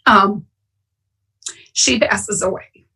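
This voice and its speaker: Extremely slowly, with vocal fry and a sharp, slightly rough mid-range voice, the woman from Wisconsin recounts her recovery journey. She speaks emotionally and candidly from home at an online conference, choking up at points, in a rough recording made far from the mic.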